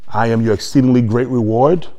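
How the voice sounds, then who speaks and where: A man preaching a sermon, telling a story quietly and then building to loud, shouted praise. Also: medium pitch, brisk. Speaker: pastor.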